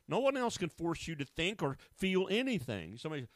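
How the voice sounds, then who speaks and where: A man's voice: fairly high pitch, big pitch swings, fast talker, hardly any pauses, no echo. Folksy, emphatic preacher man. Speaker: pastor. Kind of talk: sermon.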